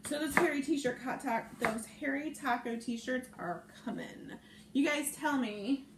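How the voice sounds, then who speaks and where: A woman with a high voice speaks at a measured pace as she hosts a live cooking stream. She chats playfully and reads out what viewers comment while cooking, recorded in an echoey room with faint noise.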